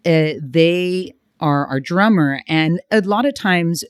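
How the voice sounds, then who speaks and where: Podcast guest: woman from San Diego, smooth clear voice, dry close sound, measured explaining. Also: lowish voice, expressive, dry recording. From San Diego, United States. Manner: explains in measured phrases, laughs easily. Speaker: flamenco dancer, guest. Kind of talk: podcast interview.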